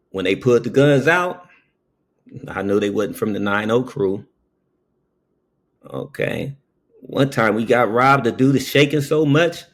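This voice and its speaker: Slow-talking man telling a story. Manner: slow, keeps saying "okay?" between phrases; acts out quoted voices with sudden high pitch. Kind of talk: casual storytelling monologue.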